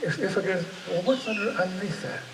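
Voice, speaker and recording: A man's voice: high-pitched, brisk. A man giving a reflective talk to an audience, earnest and searching, often restarting and repeating phrases. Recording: echoey hall, voice from far off, faint room noise.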